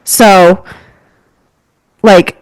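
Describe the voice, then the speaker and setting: Twentysomething woman chatting on a podcast over a call, mid pitch, super dry mic, lots of likes and ums. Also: drawn-out words, no room sound, low-quality recording. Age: 20s. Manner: animated, chatty storytelling with lots of fillers. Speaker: podcast co-host. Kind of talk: casual podcast chat.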